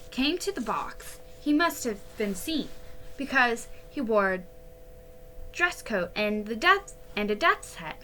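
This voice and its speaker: A woman reading a classic ghost story aloud at a very slow, careful pace. Her voice is bright and clear, and she stumbles now and then and restarts a word before going on. A faint hum sits beneath her voice. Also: medium pitch. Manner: unhurried storytelling, a few slips and restarts. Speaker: narrator.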